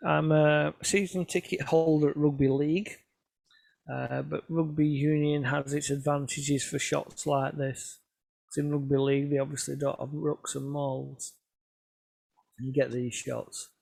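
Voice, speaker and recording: Speaking to a club via video call, a man shares informal, self-mocking anecdotes from his life as a photographer. His voice is fairly high with vocal fry and a somewhat dark tone, and there's no echo.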